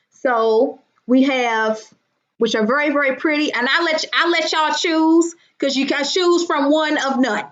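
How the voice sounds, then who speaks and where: A woman, hosting a casual livestream from home, loud and profane, greeting viewers by name. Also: sits high, dull audio. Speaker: livestream host.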